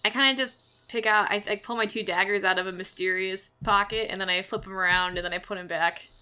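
Bright-voiced woman playing a rogue. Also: mid-range voice, steady tone, fast talker, clear, resonant tone. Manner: chatty, playful. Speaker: player. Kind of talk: casual tabletop play.

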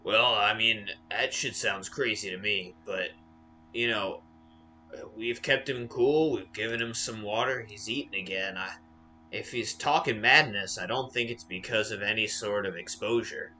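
Man playing a southern country doctor, folksy, drawling, low-voiced, bright timbre, faint hum behind. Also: unhurried. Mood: calm. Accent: American Southern.

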